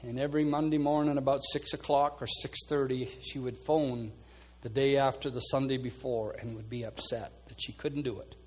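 A pastor delivers a sermon in a husky, level voice at a moderate pace with few pauses, earnestly calling people forward and praying over them. When he quotes prayers, his voice drops soft and low. It's a sermon with an altar call and prayer.

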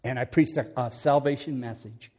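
A middle-aged man preaching a sermon in a church, telling stories with laughs and acting out quotes, moving between loud bursts and quiet passages. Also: mid-range voice, steady tone, normal speed.

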